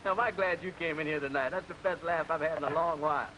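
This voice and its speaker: A man's voice: fairly high pitch, quick pace, pushed and bright, a little hiss or hum, low-quality recording. A young man playing a breezy straight man in 1940s film comedy dialogue. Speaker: actor playing himself.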